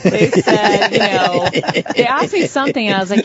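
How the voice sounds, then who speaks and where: A woman's voice: fairly low pitch, fairly quick. A woman in her thirties from Massachusetts, a radio show guest telling stories in casual chat and acting out her younger self. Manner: animated storyteller, acts out her younger self. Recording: dull, dry studio sound.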